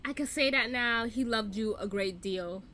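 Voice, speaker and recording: A suave, aloof male vampire with a British accent, as a woman mimics him, spoken in mock-solemn tones. The voice is bright and fairly high. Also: normal speed. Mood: mock-tender.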